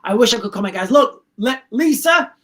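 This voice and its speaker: A man's voice: extremely high pitch, animated, normal speed, a bit bright. A man hosting a livestream, reading out viewer comments and answering them in a rambling, blunt, repetitive way. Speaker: livestream host.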